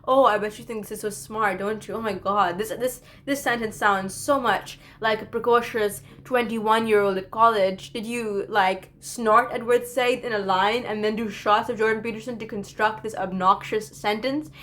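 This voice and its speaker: A woman's voice: mid-range voice, fairly even intonation, normal speed, few pauses, a bit bright, natural voice. A woman voicing her inner critic as a mocking girl, sneering and sarcastic.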